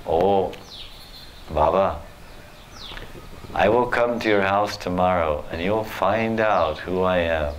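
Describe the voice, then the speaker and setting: A man's voice: low voice, slow, long pauses, a little hiss or hum, voice pushed down. A man voicing a mischievous young boy who answers his teacher back with a cheeky threat. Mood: teasing.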